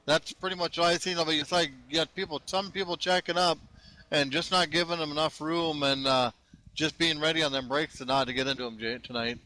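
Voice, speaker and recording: A man's voice: a little high, steady tone, brisk, bright, forceful tone, poor audio. A man giving casual, drawling color commentary on a sim race as co-commentator. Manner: drawling, casual, ends lines with a name.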